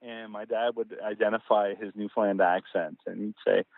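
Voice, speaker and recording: A man from Ontario, a guest author, telling anecdotes in an animated way and acting out the dialogue. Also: on the low side, moderate pace, gravelly, dry recording. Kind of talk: casual conversational storytelling. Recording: tinny phone line, dry.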